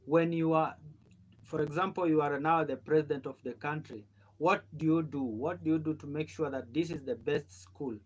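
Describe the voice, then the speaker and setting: Halting man asking questions. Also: on the high side, fairly even intonation, a little hiss or hum. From Kenya. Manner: halting, questioning, repeats words.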